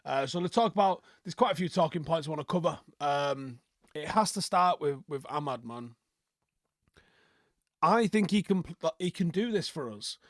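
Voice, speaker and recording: A man's voice: fairly high pitch, animated, moderate pace, no room sound, studio quality. A young man hosting a football channel, giving a casual match review in a chatty way with many fillers and restarts.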